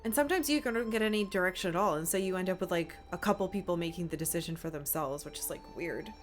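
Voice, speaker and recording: A woman's voice: on the low side, quick pace. A young woman from Appalachia chatting while streaming a game, rambling with lots of fillers. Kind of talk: casual gameplay commentary. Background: faint game music.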